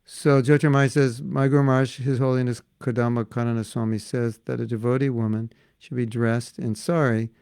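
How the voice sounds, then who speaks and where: A man's voice: mid-range voice, flat delivery, brisk, gravelly, hardly any pauses, darkish tone, clean tone, no room sound. An older man giving an informal devotional class, chatting and answering questions from listeners. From United States. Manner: breaks into chanted prayers. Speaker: spiritual teacher.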